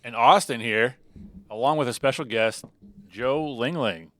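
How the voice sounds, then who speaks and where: A man's voice: mid-range voice, measured pace, a bit bright. A man hosting a podcast, chatting loosely and asking follow-up questions. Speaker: podcast host. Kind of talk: casual chat.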